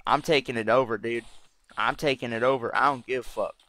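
A man's voice: mid-range voice, fairly even intonation, fairly quick, sharp tone, no echo. Cussing gamer dude rambling while he plays, dry close audio. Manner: brash and profane, rambling. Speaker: gaming channel host. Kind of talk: casual gameplay commentary.

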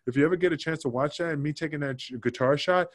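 A man's voice: a little high, very fast. A man who is a former wrestler and a podcast guest. He tells stories in a casual interview, swears freely and acts out what other people said.

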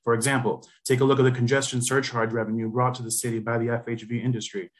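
Businesslike guy rushing through his testimony on a video call, flat monotone. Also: medium pitch. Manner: brisk, rushed, businesslike. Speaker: advocacy group spokesman. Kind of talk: read prepared testimony. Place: remote video hearing.

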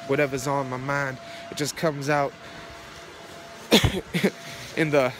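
This young man's mid-range voice stays level and slow as he shivers in the cold and vents to his phone, rambling and swearing angrily. He's outdoors near traffic, which makes the recording noisy.

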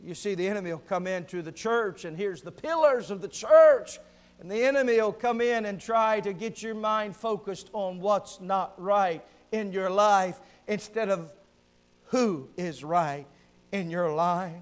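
A man preaching a revival sermon in a church, building from calm talk to shouted, fervent preaching. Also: high-pitched, unhurried, smooth. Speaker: visiting preacher. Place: church sanctuary.

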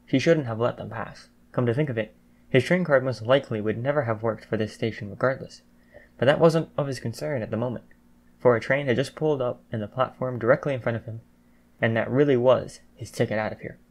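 A man narrating a fan fiction audiobook in a steady storytelling voice. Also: medium pitch, brisk.

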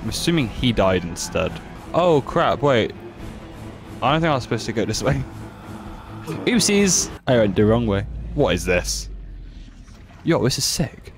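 A man's voice: on the low side, a little slow, long pauses, music in the background. A young man giving casual, joking commentary while streaming a horror game. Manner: joking, playful, excitable.

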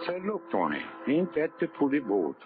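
An actor playing a humble, hardworking sailor who dreams of a farm, speaking earnest broken in a 1930s radio drama. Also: male voice, on the high side, huge pitch swings, normal speed, over music. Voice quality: broken English, pleading. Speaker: ship worker. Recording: tinny 1930s radio broadcast, hiss.

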